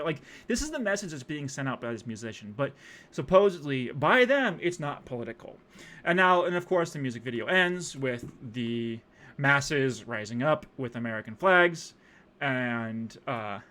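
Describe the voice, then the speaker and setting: A man's voice: mid-range voice, lively intonation, normal speed, sharp tone. A young man streaming, rambling through casual profane commentary on a music video with lots of fillers.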